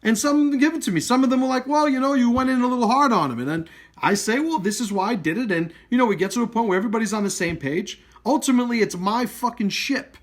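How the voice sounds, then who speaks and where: A man with a high, lively voice gives a blunt live-video rant about his martial arts school. He swears freely and drives each point home with hard emphasis. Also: quick pace. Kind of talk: blunt, profane direct-to-camera rant.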